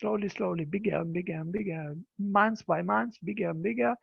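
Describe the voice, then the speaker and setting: A man, a Buddhist monk telling a teaching story in halting English with repeated words, over a dull video call. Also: high-pitched, gravelly, breathy edge, no room sound. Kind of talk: dharma talk storytelling.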